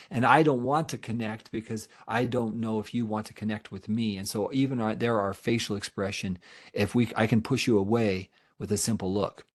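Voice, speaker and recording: Earnest man presenting a webinar. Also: on the low side. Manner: earnest, emphatic repetition; answers audience questions. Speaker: therapist giving a presentation.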